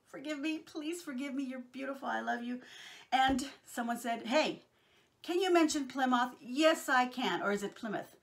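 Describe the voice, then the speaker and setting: A middle-aged Texan woman chatting casually to her viewers, rambling warmly with many fillers. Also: high-pitched, normal speed, vocal fry. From Texas, USA. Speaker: crafting vlogger.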